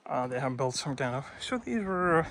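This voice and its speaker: Male vlogger, phone in hand, chatty and halting as he tours old rooms, slight background hiss. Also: mid-range voice. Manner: relaxed, hesitant with many uh fillers, addresses viewers. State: breathing heavily while climbing. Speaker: walking tour vlogger. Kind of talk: casual walking tour narration. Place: old fort, indoors and out. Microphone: handheld phone.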